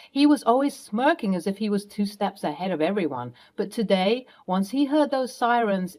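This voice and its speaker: A woman's voice: mid-range voice, darkish tone. Young woman narrating a dramatic story. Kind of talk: first-person story narration.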